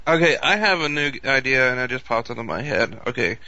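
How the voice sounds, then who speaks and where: A young man co-hosting a casual podcast, telling stories with animated, profane energy. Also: medium pitch, fast, no echo. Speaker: podcast co-host. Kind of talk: casual chat. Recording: dull lo-fi podcast recording.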